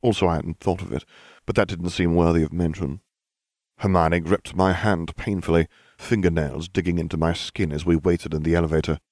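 A man reading fan fiction aloud as narrator, with expressive storytelling. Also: deep voice, a little fast, dry recording, studio quality.

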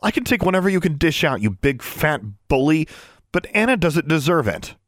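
A bold, stubborn schoolgirl from a storybook, put on by a man reading aloud. The voice sits well above his usual low register and pushes back with sharp, daring lines, recorded close and dry. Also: animated, brisk, dry recording, natural voice. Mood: defiant. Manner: pitched high, sharp and challenging.

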